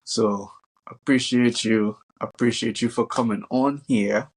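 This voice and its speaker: A male podcast host with a voice of middling pitch chats in a loose, slangy way. He reacts with easy enthusiasm and speaks casually throughout. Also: steady tone, measured pace, breathy edge. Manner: laid-back, slangy, enthusiastic. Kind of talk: casual interview chat.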